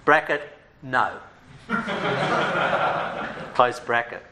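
Animated, humorous male preacher. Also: mid-range voice, extremely slow, reverberant, background noise. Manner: lively and humorous, with playful asides. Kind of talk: sermon.

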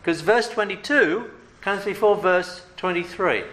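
A man preaching a sermon in a lively, humorous way, with playful asides. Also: sits high, unhurried, roomy sound.

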